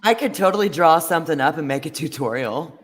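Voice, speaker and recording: A woman's voice: low voice, lively intonation, a loud crowd. A woman in her fifties chatting and telling stories in a casual group video chat, laughing as she goes. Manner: chatty, laughing, drawn-out storytelling.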